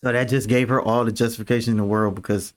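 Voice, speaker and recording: Animated, profane young man telling a story. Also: medium pitch, fast. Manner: animated, profane, laughs often, acts out quoted voices. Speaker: podcast co-host. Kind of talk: casual storytelling chat.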